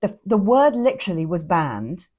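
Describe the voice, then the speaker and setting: A woman in relaxed podcast conversation, holding forth in wry, exaggerated rants. Her voice is husky and sits on the low side, rising and falling widely as she talks. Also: normal speed. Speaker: podcast co-host. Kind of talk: casual chat.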